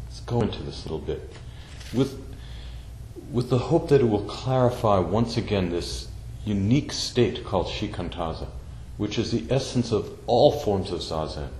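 A man giving a slow, deliberate Zen dharma talk, repeating phrases for emphasis. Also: fairly low pitch, expressive, mellow. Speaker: Zen teacher. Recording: echoey room with faint background noise.

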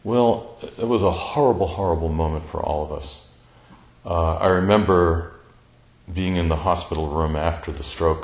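Deep-voiced man, tender and reflective. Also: echoey room, rough recording. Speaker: speaker sharing a personal story. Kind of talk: reflective personal storytelling.

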